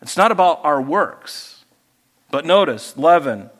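A man's voice: a little high, animated, measured pace, fairly bright tone, in a large hall. A male pastor preaching a sermon in a conversational way, asking the congregation questions and acting out little voices.

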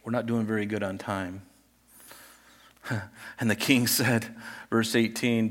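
A man's voice: on the low side, fairly even intonation, slow, long pauses. A man preaching a sermon in a conversational style, acting out scripture scenes as he retells them. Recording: reverberant hall.

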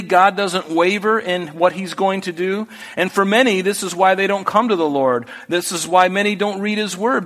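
A man's voice: high-pitched, a bit bright. A man preaching a sermon as a pastor, earnest and conversational, with restarts and asides. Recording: long hall reverb.

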